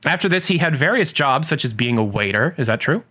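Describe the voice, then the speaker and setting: Lively-voiced male interviewer. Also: fairly high pitch, a little fast, slight background noise. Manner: reads prepared bio lines, dry follow-up questions. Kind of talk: casual interview.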